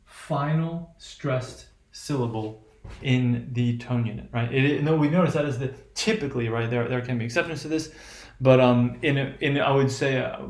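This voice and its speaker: A man's voice: medium pitch, darkish tone. A man with an American accent teaching a class on intonation, hesitant, with many fillers and frequent "right?" checks. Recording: echoey room.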